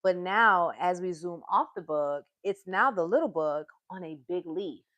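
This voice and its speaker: This children's storytime reader streams live, sitting close to her device as she reads a picture book aloud, asking the young listeners questions. Her fairly low, expressive voice is a bit bright, slow and sing-song, though the highs are cut off.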